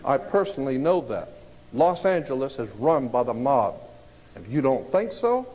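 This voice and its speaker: A man telling a personal story in a casual, conversational way, pausing often with "uh" and "um". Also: mid-range voice, sing-song, a little mellow. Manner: conversational, with frequent "uh" and "um" pauses. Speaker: storyteller recounting a personal experience.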